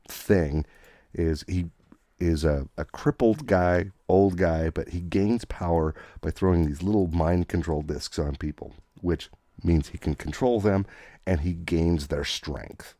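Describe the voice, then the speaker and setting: Male podcast host, very deep and warm, rambling chatty recap, dry. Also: unhurried, no echo. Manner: rambling, with many fillers and restarts. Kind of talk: casual chat recapping comics.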